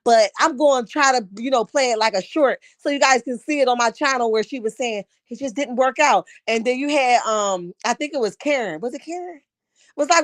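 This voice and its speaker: A woman rants in a sassy, scolding way while reading comments on a live stream. Her voice sits high and is wearing hoarse. The sound is dry and close, with no room echo. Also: normal speed. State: losing her voice. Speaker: YouTube commentary host.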